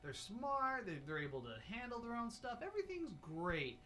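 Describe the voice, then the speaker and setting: A young father co-hosting a casual podcast, telling animated stories with many fillers. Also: very high voice, normal speed, slight background noise. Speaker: podcast co-host. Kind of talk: casual chat.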